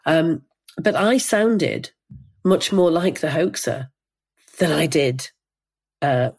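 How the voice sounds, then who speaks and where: An older woman from Northeast England, slowly recounting a personal memory in an interview, reflective and measured with pauses and restarts. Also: low-pitched, animated, darkish tone, breathy edge.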